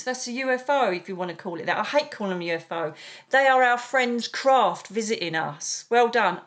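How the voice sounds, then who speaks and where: A middle-aged woman with a British accent chats as a guest on an interview show. She talks in an animated, rambling way, with a voice a little higher than most women's, and calls her listeners darling. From United Kingdom. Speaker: psychic medium, podcast guest. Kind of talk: casual interview chat.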